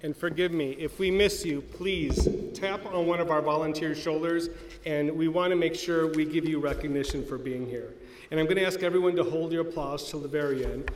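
High-voiced man emceeing a community event. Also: a little fast. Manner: informal, chatty, acknowledging guests. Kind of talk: casual announcements. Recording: echoey hall with faint noise.

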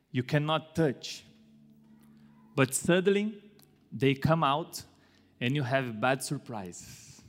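A male pastor preaching a sermon in a church, slow and deliberate, with dramatic swings in pitch and loudness. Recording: echoey church hall.

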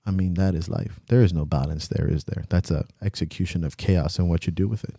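A man's voice: low-pitched, brisk, warm tone, husky, no echo, studio quality. A young man co-hosting a podcast, talking bluntly and emotionally, swearing freely. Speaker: podcast co-host. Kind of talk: candid podcast chat.

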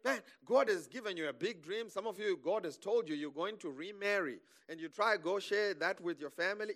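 Male preacher, fairly high voice, animated sermon delivery with call-and-response. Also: fairly quick, few pauses. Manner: animated, calls for amens, laughs.

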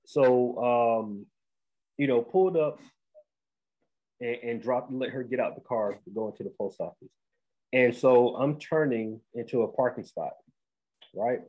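A man, hosting a podcast and telling a story in animated casual chat, often restarting and saying "bro". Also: medium pitch, unhurried, pauses often, rough recording. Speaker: podcast host.

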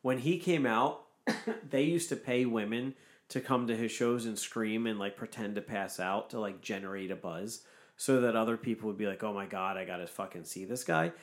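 A man's voice: lowish voice, fairly even intonation, moderate pace. A man in casual podcast chat who rants emphatically and swears constantly. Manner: profane, ranting, emphatic.

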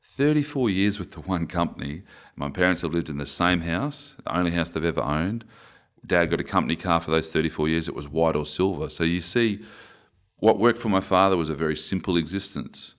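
A man's voice: deep voice, brisk, a bit bright. A man in his forties with an Australian accent, telling stories as an interview guest in a rambling, self-correcting way. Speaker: interview guest, former rugby player. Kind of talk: conversational interview.

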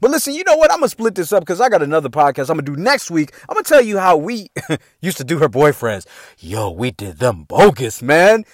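A man in his forties tells a rowdy family story for his podcast, cursing freely and laughing between lines. His voice sits high and swings widely as he acts out the scene. The sound is close and dry. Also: fairly quick, no room sound. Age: 40s. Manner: animated, swearing, laughs often, acts out quotes. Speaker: podcast host. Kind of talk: profane comic family storytelling.

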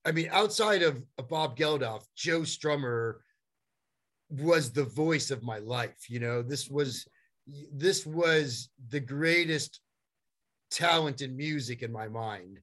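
A middle-aged man telling a long story as a guest, animated and rambling, with many fillers and restarts. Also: medium pitch, takes it slowly. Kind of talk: storytelling in a conversation.

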